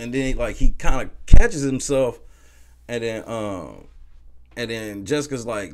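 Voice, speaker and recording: A man recapping events in a loose, casual way, cursing freely and laughing at the funny parts. His pitch sits in an ordinary middle range for a man. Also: normal speed, darkish tone. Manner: casual, profane, laughs while recounting. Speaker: show recap host. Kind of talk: casual reality-show recap.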